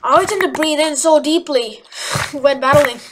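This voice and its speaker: High-voiced chatty woman gaming. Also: moderate pace, noisy background. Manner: chatty, rambling, excitable outbursts. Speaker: gaming YouTuber. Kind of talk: gameplay commentary.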